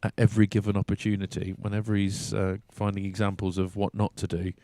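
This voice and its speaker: A man's voice: on the low side, monotone, quick pace, dark tone, no room sound. A man giving casual, jokey co-commentary on a pool match, bantering and laughing often.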